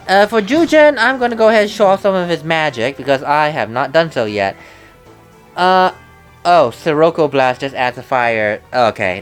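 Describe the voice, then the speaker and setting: A woman with a low voice narrates her game playthrough in a loose, rambling way, stumbling and restarting her sentences as she goes. Her pitch swings widely between low mutters and excited highs, with soft game music faintly behind her. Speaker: let's play commentator. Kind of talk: casual gameplay commentary.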